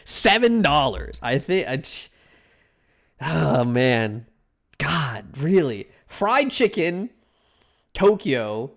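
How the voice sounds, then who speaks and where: A man's voice: on the high side, very animated, slow pace, creaky. A young man streaming, reacting to food with casual, mock-outraged rants and plenty of swearing.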